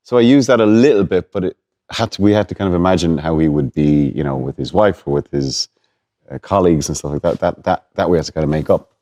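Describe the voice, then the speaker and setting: Deep-voiced Irish man, halting. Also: warm tone. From Ireland. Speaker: actor. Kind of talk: casual conversation.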